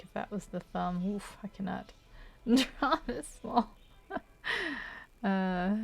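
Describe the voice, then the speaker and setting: A woman with a lowish voice and vocal fry chats casually while she draws on stream. She's hesitant and thinks aloud, punctuating her talk with frequent little laughs.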